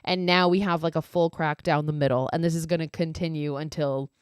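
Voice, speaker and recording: Brief: low-voiced woman podcaster, chatty horror recap, loose and profane, dry close sound. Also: a little fast, clear, resonant tone, dry recording. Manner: chatty, swears freely, many "like" fillers; animated quoting of characters. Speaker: podcast host. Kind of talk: casual horror film recap.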